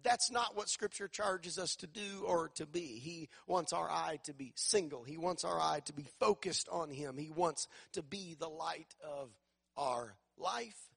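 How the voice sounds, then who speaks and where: A man's voice: a little high, unhurried, creaky, fairly bright tone, husky. A man preaching a sermon, emphatic, with call-and-response and repeated phrases.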